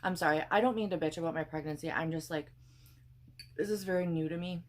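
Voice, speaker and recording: A woman's voice: low voice, fast talker. A young woman with a Wisconsin accent, chatting casually and rambling through tangents while she cooks, tired and pregnant, swearing now and then. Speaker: cooking vlogger. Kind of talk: casual chat while cooking.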